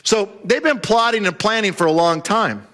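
Male pastor, high voice, animated sermon storytelling in church. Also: moderate pace.

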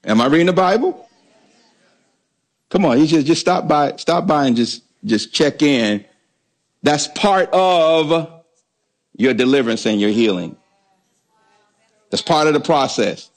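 A man's voice: a little high, expressive, a little slow, pauses often. A man preaching a sermon, stressing points by repeating words and asking the congregation questions. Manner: emphatic preaching with call-and-response questions. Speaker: pastor.

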